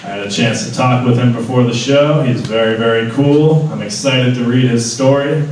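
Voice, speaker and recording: A man's voice: mid-range voice, moderate pace, heavy background noise. A man hosting a live event, upbeat and talking straight to the audience as he brings on the next speaker. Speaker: event host. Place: large echoey hall with an audience. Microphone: distant from the microphone. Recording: echoey hall from far off.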